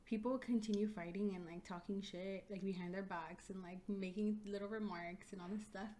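Woman, podcast co-host, casual chat, storyteller, says "like" a lot, swears casually, mid pitch. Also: steady tone, normal speed, mellow, a little hiss or hum.

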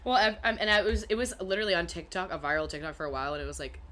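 Brash, low-voiced young woman gossiping. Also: fairly even intonation, racing. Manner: brash, loud, swears freely, gossipy. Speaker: podcast co-host. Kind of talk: casual chat.

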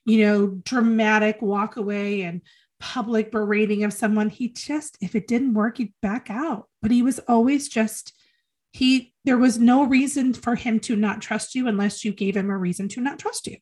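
A woman guest on an interview show, remembering a close friend in an earnest, halting way, often repeating phrases for emphasis. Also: a little high, steady tone, darkish tone. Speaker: podcast guest. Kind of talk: emotional personal reminiscence.

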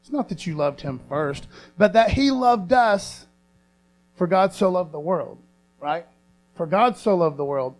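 Man preaching, high voice, call-and-response, repeats lines, hum in the recording. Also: animated, soft background music. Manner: call-and-response, asks congregation for affirmation; repeats phrases for emphasis, stretches key words slowly. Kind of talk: sermon. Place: church sanctuary. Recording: low mains hum.

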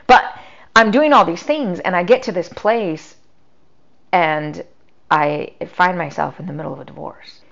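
A middle-aged woman talks as a podcast guest, telling her own story in a chatty way that leans on "like" and acted-out dialogue. Her voice sits fairly low with a gravelly fry, and the recording sounds dull and lo-fi. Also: unhurried. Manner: chatty, full of "like" and quoted dialogue. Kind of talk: personal storytelling.

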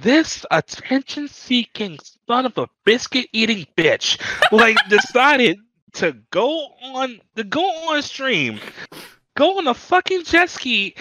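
Man, podcast host, profane rant, bright and sharp tone. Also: very high-pitched, big pitch swings, slow, no room sound, rough recording. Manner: ranting, profane, exasperated. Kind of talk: casual chat.

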